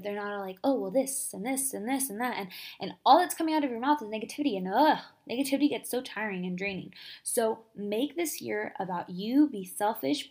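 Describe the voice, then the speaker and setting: A young woman hosting a podcast, giving a casual, upbeat motivational talk full of quick asides and filler words. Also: on the high side, a little mellow. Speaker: podcast host.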